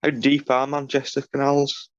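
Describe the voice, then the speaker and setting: A man's voice: mid-range voice, monotone, normal speed, no echo. A man co-hosting a podcast, giving dry, matter-of-fact commentary in casual chat. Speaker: podcast co-host. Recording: dull lo-fi recording.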